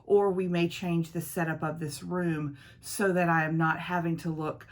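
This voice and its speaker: A woman's voice: lowish voice, little pitch movement, normal speed. A woman hosting a casual get-ready-with-me vlog, rambling in a friendly way and talking straight to her viewers. She records on a phone in her makeup room at home. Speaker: beauty vlogger host. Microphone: iPhone camera.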